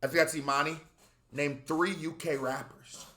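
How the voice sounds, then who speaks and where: Male reaction host, high and bright, impassioned rants, echoey room. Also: steady tone, moderate pace. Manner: impassioned, ranting, shouts at times. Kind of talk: animated reaction commentary.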